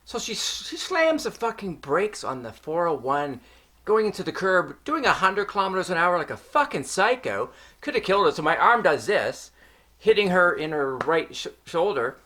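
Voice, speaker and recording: A man's voice: high voice, very animated, normal speed, bright, forceful tone. A middle-aged man from Canada, telling a personal story to his vlog in a heated, profane rant full of swearing. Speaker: vlogger.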